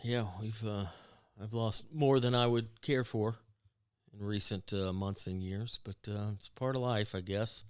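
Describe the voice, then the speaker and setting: A man's voice: fairly low pitch, fairly even intonation, measured pace, clear, resonant tone, no room sound, studio quality. A man co-hosting a casual comedy podcast, blunt and joking, laughing often. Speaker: podcast co-host.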